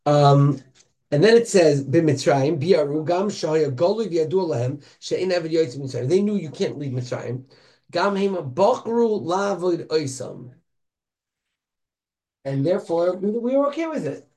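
Animated man explaining a Torah idea. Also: on the high side, moderate pace. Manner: animated, rhetorical questions, mixes Hebrew and Yiddish terms. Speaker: Torah study group member sharing an idea. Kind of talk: casual Torah discussion.

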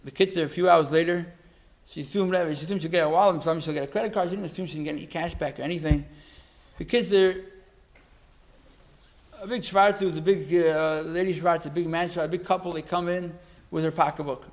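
Gravelly high-voiced man telling a story. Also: steady tone. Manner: halting, many restarts and repeated words. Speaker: religious teacher. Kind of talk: religious talk with a story.

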